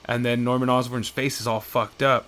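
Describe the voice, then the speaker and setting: A man's voice: medium pitch, little pitch movement, normal speed, fairly bright tone. A man in casual chat, rambling and swearing as he retells comic storylines and acts out the characters' lines.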